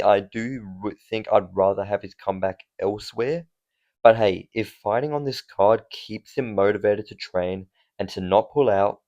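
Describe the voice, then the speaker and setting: A man's voice: fairly low pitch, a little mellow, lo-fi sound. A man from Australia giving a conversational solo opinion commentary on fight cards, with rhetorical questions and casual swearing. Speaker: MMA commentator.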